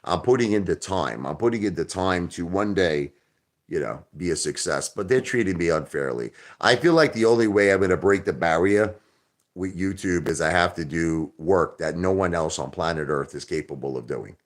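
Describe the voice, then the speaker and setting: A man hosting a casual livestream, rambling and repeating himself, jumping from loud outbursts to low mutters and softening his swear words. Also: normal speed. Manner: minces swear words into euphemisms. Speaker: livestream host.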